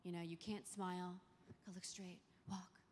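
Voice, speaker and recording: A young adult woman giving a faith talk to a youth audience, telling a personal story in a lively, earnest way. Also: fairly low pitch, normal speed, a little hiss or hum. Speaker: conference speaker. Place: large conference hall. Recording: long hall reverb from a large venue.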